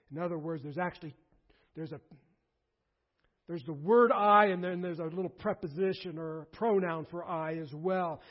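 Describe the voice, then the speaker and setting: A pastor delivers a sermon in a fairly high voice, leaning hard on repeated phrases as his intensity builds. The recording sounds muffled and lo-fi.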